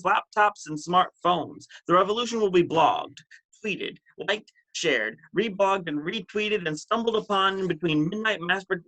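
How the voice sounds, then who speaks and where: Bright high-voiced man reading poetry. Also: rough recording. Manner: rhythmic, building list delivery. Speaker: poet at an open mic. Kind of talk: spoken word poetry reading.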